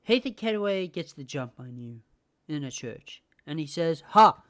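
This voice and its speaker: Slow-talking woman ranting heatedly. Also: low-pitched, expressive, a little mellow. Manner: heated, profane, repetitive. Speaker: podcast host. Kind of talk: casual rant.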